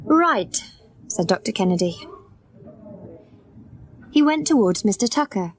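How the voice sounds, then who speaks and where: A woman narrating a graded reader audiobook with slow, clear, careful reading. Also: mid-range voice, expressive, a little mellow, a little hiss or hum.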